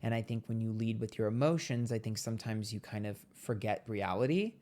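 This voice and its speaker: A man giving a casual monthly tarot reading, blunt and profane, chatty and playful with sudden jumps in pitch. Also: fairly quick, warm tone. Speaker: tarot reader.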